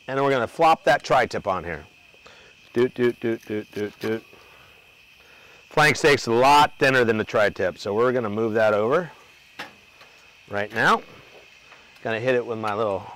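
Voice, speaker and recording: A man's voice: mid-range voice, animated, moderate pace, bright, forceful tone, poor audio. A man hosting an outdoor cooking demo at a grill, talking loosely and joking with his crew and the viewers. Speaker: cooking show host.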